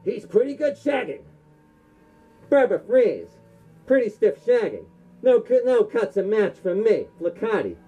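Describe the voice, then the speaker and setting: A man voicing a boastful male martial-arts villain from a badly dubbed kung fu film, bragging in slow, drawn-out lines. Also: high-pitched, sing-song, dark tone, husky, faint music behind, pitched above the performer's own voice, full character voice. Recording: dull lo-fi recording.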